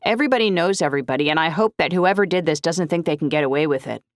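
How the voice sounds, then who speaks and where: A woman reading as an outraged local woman speaking to news cameras. She is emphatic, pitched up and louder than the narration. The sound is dry. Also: rapid-fire, no room sound, close to an everyday voice. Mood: indignant. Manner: indignant, emphatic. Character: indignant neighbor woman on the news.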